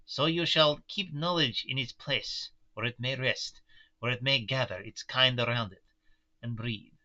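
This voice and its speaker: A man voicing an old foreign professor with a put-on Central European accent, slow and solemn. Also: medium pitch, sharp tone, lo-fi sound.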